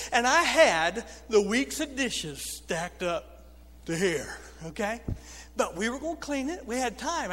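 A pastor preaching a sermon, telling funny stories and calling out to the congregation. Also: male voice, extremely high pitch, fairly bright tone. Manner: storytelling preacher, humorous asides to the congregation. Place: church sanctuary. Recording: long reverb of a church hall.

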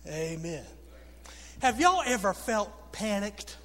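A middle-aged man preaching a lively sermon to a congregation, leading them in call-and-response. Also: high voice, measured pace. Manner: exuberant, leads call-and-response. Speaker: guest preacher. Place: church sanctuary. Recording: reverberant church hall.

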